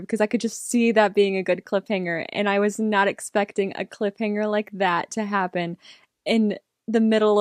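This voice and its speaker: A young woman reacting to a TV episode, excitable and rambling as she thinks out loud. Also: mid-range voice, dry recording, clean studio sound. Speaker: reaction vlogger.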